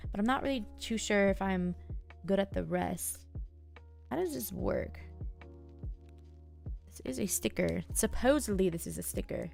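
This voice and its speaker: A woman's voice: mid-range voice, animated, measured pace, creaky, pauses often, faint music behind. A young woman streaming live, chatting casually and musing to herself and her chat while she journals. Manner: soft, musing, talks to herself and chat with many fillers.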